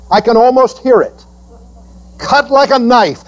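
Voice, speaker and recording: Preaching with big, sweeping pitch swings at a moderate pace, this male pastor imitates his listeners in mock voices before building to emphatic rebukes. The highs in the recording are cut off.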